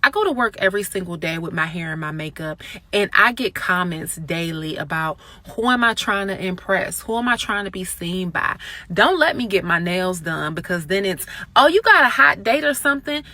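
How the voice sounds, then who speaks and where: A woman's voice: on the low side, lively intonation, moderate pace, sharp tone, no echo. A woman ranting in a short clip, emphatic and indignant.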